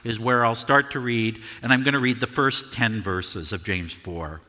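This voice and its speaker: A man preaching a sermon as pastor, speaking in a measured way with his voice carrying through a church. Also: medium pitch. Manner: measured preaching, shouts example words. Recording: church hall reverb.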